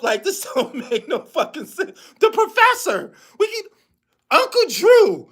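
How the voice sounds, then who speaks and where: A man hosting a sports podcast, ranting in profane, animated commentary and laughing often. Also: extremely high pitch, a little slow.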